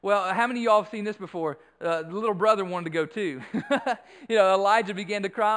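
A middle-aged man preaching a sermon, swinging from quiet asides to loud, stretched-out emphasis. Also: sits high, quick pace, clear, resonant tone. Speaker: pastor.

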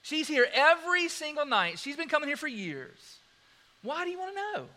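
A preacher doing a loud, blunt diner owner. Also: male voice, very high voice, very animated, moderate pace, voice pushed up, full character voice. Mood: gruff. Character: gruff burly middle-aged male diner owner.

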